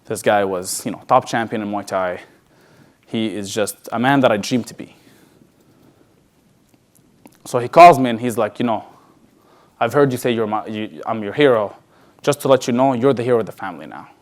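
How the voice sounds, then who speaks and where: A man's voice: on the low side, moderate pace, pauses often. Man telling a personal story on stage. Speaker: speaker at a sales event. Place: large event hall.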